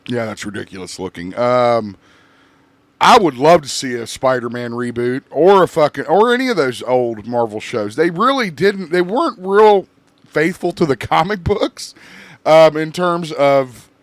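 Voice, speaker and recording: A man's voice: medium pitch, big pitch swings, unhurried, no echo. A man hosting a podcast, chatting loosely and swearing a lot as he runs through the week's news. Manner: loose, profane, rambling. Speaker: podcast host. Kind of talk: casual chat.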